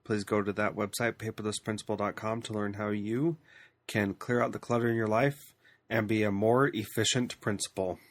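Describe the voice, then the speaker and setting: A man hosting an education podcast with a cold that has made his voice deeper, introducing his guest and reading a sponsor message in a friendly, plain way. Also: little pitch movement, moderate pace. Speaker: podcast host interviewing a principal. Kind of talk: podcast intro and interview questions.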